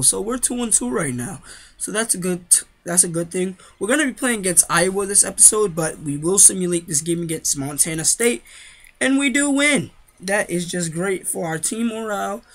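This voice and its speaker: A man's voice: high voice, fairly bright tone. A teenage boy with a nasal, congested voice, chatting casually over his basketball game footage as a gaming YouTuber. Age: teens. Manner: chatty, rambling, talks straight to viewers. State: congested from sinus trouble.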